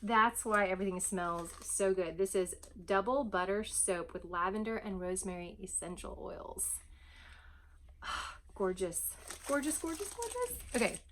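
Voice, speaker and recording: A woman chatting casually as she unboxes a gift at home, gushing, breathy and often dropping to soft whispers. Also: mid-range voice, steady tone, unhurried. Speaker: vlogger unboxing a gift box.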